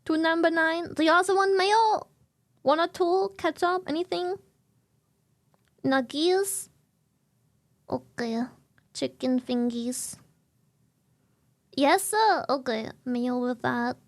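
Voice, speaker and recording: High-voiced playful woman streamer. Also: slow pace, long pauses. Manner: playful, singsong, chatty. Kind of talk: casual chat with viewers.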